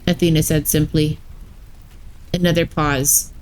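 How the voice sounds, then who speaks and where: Woman, story read live on stream, slow measured pace. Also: deep voice, darkish tone, rough recording. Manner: slow, measured reading with brief asides to chat.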